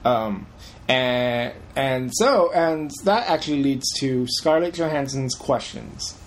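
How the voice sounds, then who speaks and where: A man's voice: medium pitch, slow, a little hiss or hum. Casual rambling man discussing a film. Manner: rambling, heavy on fillers and swearing. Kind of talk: casual chat about a film.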